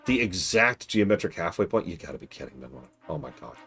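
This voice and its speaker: A man streaming a strategy game, chatting casually and animatedly, with mock-exasperated outbursts and quiet mutters to himself while he plays. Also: deep voice, big pitch swings, fast talker, vocal fry, soft background music.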